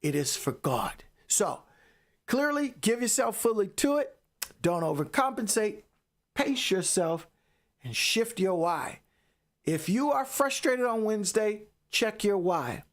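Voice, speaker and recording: A woman hosting a live motivational faith talk, emphatic and preachy, repeating phrases for effect. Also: medium pitch. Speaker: podcast host.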